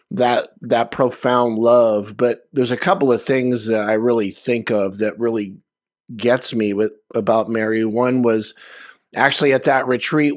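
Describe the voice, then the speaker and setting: A man's voice: medium pitch, no echo, clean studio sound. A man sharing loose, conversational anecdotes at a memorial over a video call, with lots of fillers. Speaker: memorial speaker. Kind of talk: storytelling at a memorial.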